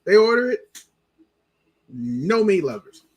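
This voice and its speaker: A man co-hosting a podcast, telling stories in a casual, animated, profane way. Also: high-pitched, slow, slight background noise. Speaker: podcast co-host. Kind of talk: casual chat.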